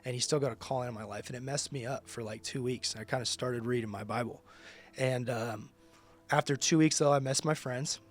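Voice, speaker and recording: A man's voice: medium pitch, steady tone, brisk. A man who leads a ministry, telling his personal testimony in conversation with emphatic, casual storytelling. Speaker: ministry leader.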